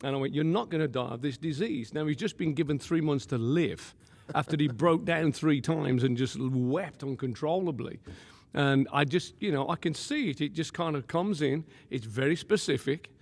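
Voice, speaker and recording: Gravelly pastor telling a story. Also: male voice, a little high, normal speed. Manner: lively, laughing often, acts out quotes. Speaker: pastor and guest. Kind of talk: animated storytelling. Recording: long room reverb.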